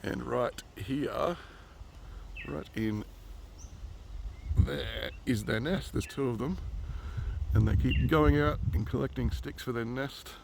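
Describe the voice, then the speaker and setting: A man with an Australian accent, chattily narrating a casual nature vlog outdoors for his nephews, getting excited and hushing near animals. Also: mid-range voice, slow pace, gravelly, pauses often, background noise. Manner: chatty and enthusiastic, drops to a hush near animals. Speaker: uncle filming a nature video for his nephews. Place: outdoors in a rural yard with bush and birds.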